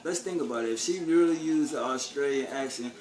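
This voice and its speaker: A man's voice: mid-range voice, fairly quick, darkish tone. A man vlogging a casual opinion rant, blunt and profane, full of street slang and rhetorical questions. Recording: echoey room with faint ambience.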